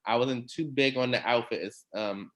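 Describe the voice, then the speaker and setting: A man hosting a casual recap chat, talking in a chatty, animated way with quick asides and laughs. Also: mid-range voice. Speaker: podcast host.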